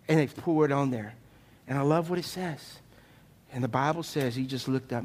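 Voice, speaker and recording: A man preaching a sermon as pastor, animated and conversational, asking his listeners questions. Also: mid-range voice, normal speed.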